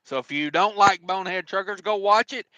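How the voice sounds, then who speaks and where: A man's voice: high-pitched, a little fast, pushed and bright, dry recording, dull audio. A man hosting a casual trucking livestream, rambling and joking with lots of fillers. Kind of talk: casual live-stream chat.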